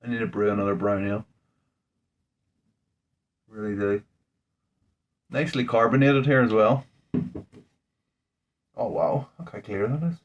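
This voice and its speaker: A man's voice: fairly low pitch, unhurried, long pauses, dull audio. A man, a home brewer, talking casually through a beer tasting in a rambling, thinking-aloud way, indoors at home. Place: indoors at home under a ring light.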